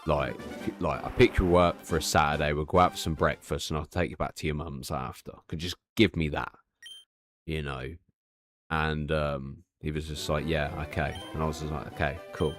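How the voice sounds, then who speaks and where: A man's voice: very deep voice, steady tone, normal speed, faint music behind. A young man chatting casually on a stream, rambling and swearing freely as he tells stories. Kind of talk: casual chat.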